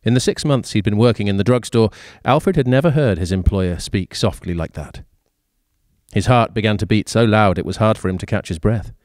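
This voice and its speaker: Low-voiced man reading a story. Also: no echo, studio quality. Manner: even, measured reading with occasional fillers. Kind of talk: reading a short story aloud.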